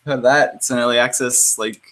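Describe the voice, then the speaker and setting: A man sarcastic, swearing gamer co-host, mid-pitched, loose banter. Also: fairly even intonation, fairly quick, fairly bright tone, rough recording. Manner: sarcastic, swears freely, laughs often. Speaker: podcast co-host. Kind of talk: casual chat.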